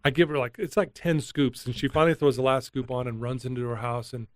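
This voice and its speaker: A middle-aged man recounts a personal turning point as an interview guest, speaking earnestly and with feeling. His voice sits in an ordinary middle pitch, recorded close and dry with no room sound. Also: fast talker, no echo. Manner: earnest, emotional, animated retelling. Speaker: guest, addiction recovery coach. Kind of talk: candid storytelling interview.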